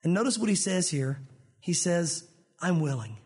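A man preaching a sermon as pastor, animated, acting out the voices of Bible figures. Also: high voice, normal speed, husky.

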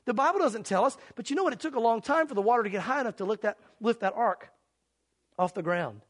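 A man with a very high voice preaches in an earnest, dramatic style. He acts out scenes as he speaks and makes an urgent, pleading appeal to his listeners. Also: animated, fast talker. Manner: dramatic, acts out mocking crowds and shouts; earnest, pleading altar call. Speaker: pastor. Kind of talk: sermon.

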